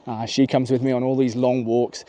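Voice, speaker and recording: A man's voice: medium pitch, flat delivery, normal speed, dark tone. A man, giving chatty, opinionated political commentary while out walking his dog. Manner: opinionated, chatty, thinking aloud. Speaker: political vlogger. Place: outdoors on a walk with his dog.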